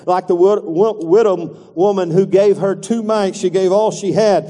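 A man's voice: sits high, steady tone, measured pace, warm tone, in a large hall. A man preaching a sermon as pastor, calling for congregation responses and acting out voices.

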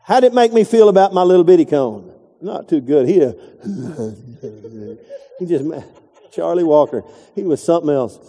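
A man's voice: fairly high pitch, expressive, normal speed, warm tone, breathy edge, in a large hall. A middle-aged man preaching a folksy, digressive sermon, acting out quotes along the way. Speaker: pastor.

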